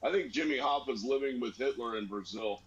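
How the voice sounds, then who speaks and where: A man co-hosting a casual chat, telling family stories with lively put-on voices. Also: a little fast, muffled recording. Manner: animated storyteller, squeaky voice for grandma. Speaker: podcast co-host.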